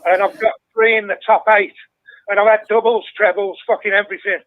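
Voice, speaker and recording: A man's voice: high voice, fairly quick, dry recording. Foul-mouthed older man on a phone line. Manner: swears constantly, animated storytelling. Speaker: caller. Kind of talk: casual phone-in chat.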